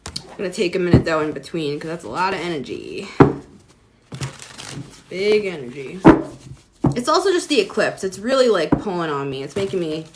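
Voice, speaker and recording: A woman's voice: fairly low pitch, sing-song, fast, very noisy. A woman giving a casual livestream tarot reading, chatting with viewers and using lots of "like". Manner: chatty, talks to viewers, many "like"s.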